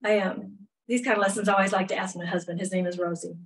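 A woman's voice: medium pitch, steady tone, quick pace, a little hiss or hum. Woman teaching, slightly distant mic. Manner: chatty, candid, lots of "you know" asides. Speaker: women's Bible study teacher. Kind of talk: conversational Bible teaching. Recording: voice a bit far from the mic.

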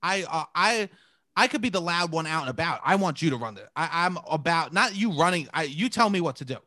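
A man's voice: fairly high pitch, lively intonation, a little fast, bright, forceful tone, no echo, clean studio sound. A man with a thick New York accent, hosting a playful, self-mocking casual chat. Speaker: host.

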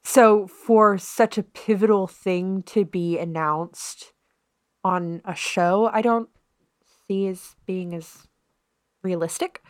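A woman co-hosting a casual chat, speaking in a measured, wry way. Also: medium pitch, no echo, clean studio sound. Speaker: podcast co-host.

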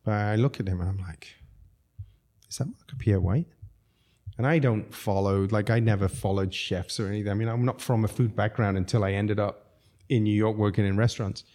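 Man, from Zambia, restaurateur guest, warm soft voice, lively storyteller, laughs a lot. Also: on the low side, fast talker. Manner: animated anecdotes, laughing often, acts out quotes. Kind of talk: casual storytelling chat.

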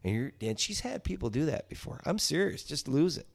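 A man's voice: fairly high pitch, very animated, fairly quick, creaky. A middle-aged man chatting casually as a podcast guest, rambling with many restarts and salty language. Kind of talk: casual chat.

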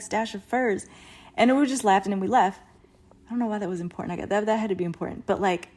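A woman's voice: on the low side, darkish tone, slight background noise. A woman host casually recounting a long dream, rambling with many fillers and restarts and swearing freely. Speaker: podcast host. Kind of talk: casual storytelling monologue.

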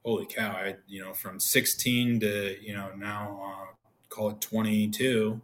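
Low-voiced man telling stories on a podcast. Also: measured pace, slight background noise. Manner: animated, acts out quoted dialogue. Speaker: podcast guest, former pro pitcher. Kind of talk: casual storytelling.

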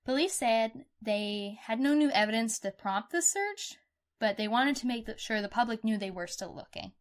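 A young woman co-hosting a podcast, chatting in an expressive, outspoken way and swearing casually. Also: on the high side, normal speed. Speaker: podcast co-host. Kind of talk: casual true-crime chat.

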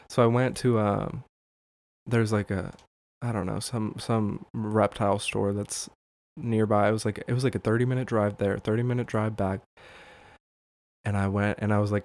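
A man chats through a casual solo podcast in a slightly low voice. He rambles, swears and laughs a lot. The recording is dry and close-miked. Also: expressive, a little fast, no room sound. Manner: rambling, profane, laughs often, many fillers. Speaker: podcast host.

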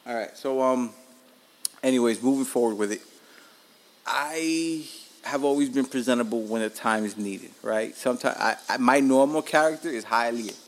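A man in his forties talks with a Miami accent, rambling through a story as a podcast host. He is frank and profane, and his voice sits in an ordinary middle pitch. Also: normal speed. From Miami, Florida. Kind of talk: casual storytelling monologue.

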